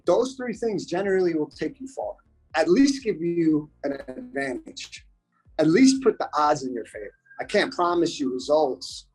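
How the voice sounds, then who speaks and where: A man's voice: on the high side, lively intonation, normal speed, a little mellow, breathy edge, faint music behind, poor audio. A man from the United States, a podcast guest talking in a casual interview, earnest and repeating his points for emphasis.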